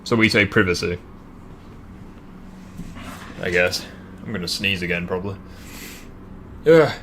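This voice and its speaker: Male gaming streamer, crisp bright tone, casual and jokey, faint room noise. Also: low-pitched, lively intonation, moderate pace. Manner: joking, swears freely. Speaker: streamer host. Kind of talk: casual livestream chat while gaming.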